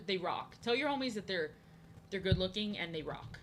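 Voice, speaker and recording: A woman's voice: medium pitch, lively intonation, normal speed, slight background noise. A young woman chatting casually with her viewers while she draws on a stream, rambling from thought to thought. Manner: rambling, chatty, reacting to chat. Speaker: art streamer. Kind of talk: casual chat while drawing.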